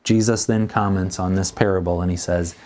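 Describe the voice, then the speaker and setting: Man, middle-aged, pastor, sermon, earnest, conversational, lowish voice. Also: steady tone, fairly quick, a little mellow.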